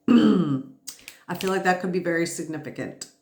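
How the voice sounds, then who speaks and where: A tired woman giving a casual, reassuring spiritual tarot reading, chatty and quick to laugh. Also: on the low side, lively intonation, creaky, darkish tone. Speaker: tarot reader. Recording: roomy echo.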